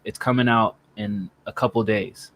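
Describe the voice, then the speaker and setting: A man's voice: fairly low pitch, moderate pace. A man co-hosting a podcast, retelling a co-op game session with acted-out quotes and plenty of swearing. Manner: animated storytelling, acting out quotes, profane. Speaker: podcast co-host. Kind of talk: casual chat.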